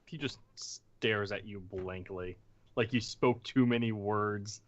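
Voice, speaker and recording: A man's voice: on the low side, slow, a bit bright, dull audio. A man playing a tabletop game, describing his character's actions in a laid-back way. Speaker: player.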